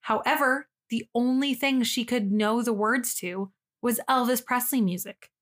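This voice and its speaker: A young woman co-hosts a casual podcast, her voice fairly high, a bit bright, and unhurried. She's chatty and emotional, cursing freely while she shares a personal story.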